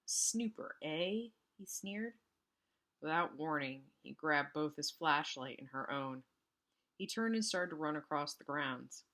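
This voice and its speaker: A woman teacher reading a storybook aloud to students, expressive with casual asides. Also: sits low, unhurried.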